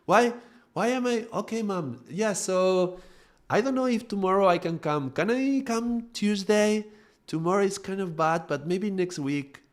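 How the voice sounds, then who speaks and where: Man doing a high, meek grown son, deferential to his mother. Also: animated, unhurried. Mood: eager, deferential. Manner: high-pitched, eager, deferential.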